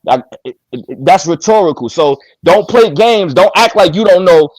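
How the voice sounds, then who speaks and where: A man's voice: high-pitched, animated, no room sound, poor audio. Insistent man debating on a dry mic. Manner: interrupts with repeated "pause", blunt and insistent. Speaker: debate stream host. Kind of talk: heated debate.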